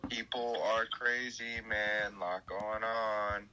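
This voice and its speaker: A man's voice: fairly low pitch, flat delivery, slow pace, pushed and bright, clean tone, poor audio. A man dropping into a stream to chat in a laid-back, slangy way. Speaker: guest caller. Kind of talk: casual voice chat.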